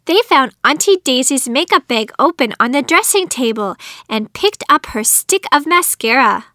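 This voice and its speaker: A woman reading a children's storybook aloud, clear and expressive, in scripted narration on a close studio mic. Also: high voice, moderate pace, no room sound.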